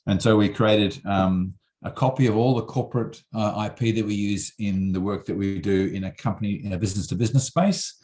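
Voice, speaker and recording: A man, a career coach, calmly explaining his business over a video call. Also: fairly low pitch, a little fast, few pauses. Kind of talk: casual chat.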